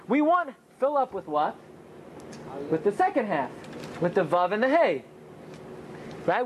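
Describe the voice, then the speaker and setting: A man teaching a Torah class as a rabbi, often asking rhetorical questions and answering them himself, with pitch that swings high and low for emphasis. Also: slight background noise. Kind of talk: Torah class with Talmud study.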